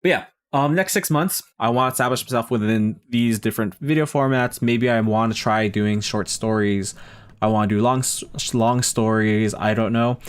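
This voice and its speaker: A man's voice: lowish voice, normal speed, clean tone. A young man streamer with a Filipino and Bay Area accent, rambling casually through his plans with lots of ums and restarts. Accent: Filipino and Bay Area blend. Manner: rambling, chatty, many ums and self-corrections. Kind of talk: casual live-stream planning chat.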